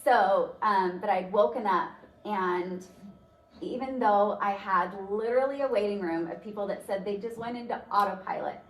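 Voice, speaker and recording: This motivational speaker, a woman with a medium-pitched voice, talks at a moderate pace. She relates a personal story in a chatty, filler-filled way, and the audio is roomy and distant with slight noise.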